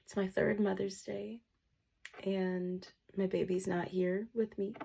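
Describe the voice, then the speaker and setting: Husky, gravelly young woman vlogging. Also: medium pitch, flat delivery, slow, mellow. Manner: emotional, grateful, holding back tears. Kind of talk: casual personal vlog.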